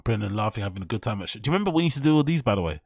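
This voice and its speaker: A man's voice: on the low side, big pitch swings, racing, no echo, studio quality. A man hosting casual reaction commentary, mocking and profane as he rambles over clips. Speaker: commentary channel host.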